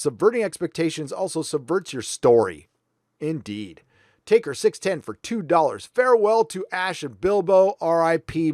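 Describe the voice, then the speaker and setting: A man's voice: on the high side, dry recording, clean studio sound. A man hosting a livestream, reading viewer donations aloud with blunt, profane, sarcastic asides. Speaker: livestream host.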